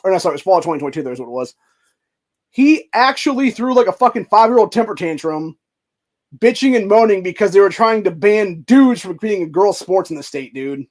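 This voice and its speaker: A man's voice: sits high, animated, fairly quick, darkish tone. A young man hosting, ranting angrily and profanely, peppering his talk with dude and bro. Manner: profane, heated, heavy filler words like dude and bro. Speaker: commentary host. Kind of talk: angry political rant.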